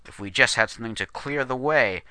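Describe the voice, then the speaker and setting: A man voicing a calm young Lakota man who speaks with an English accent in a formal, measured way, in a spoken story. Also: medium pitch, clean tone, dry recording. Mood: solemn. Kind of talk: storytelling character voice.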